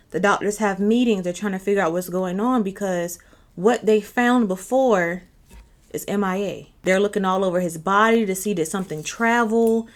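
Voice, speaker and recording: A woman spins a long story for her channel in a loose, conversational voice, often stopping to check that the listener is following. Her pitch sits in a middle range, neither high nor low. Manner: chatty, keeps checking in with the listener. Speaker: channel host. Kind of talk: casual storytime narration.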